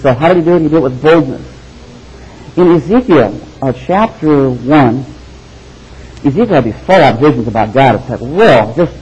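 A man preaching a sermon, animated and storytelling, with quick asides. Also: on the high side, slightly rough, highs cut off. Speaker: pastor.

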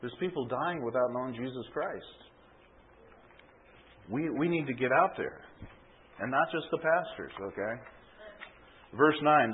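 A man with a fairly high voice preaches at normal speed, leaving long pauses, with a little hiss or hum in the background. He's a pastor telling an illustration story in his sermon, often adding "okay?", and the recording sounds tinny and phone-like.

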